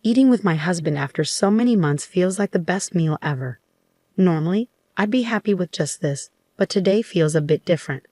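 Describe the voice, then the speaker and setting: A woman in her late twenties telling a first-person story in an even, matter-of-fact way. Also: on the low side, a little fast, dry recording. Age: late 20s. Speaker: narrator.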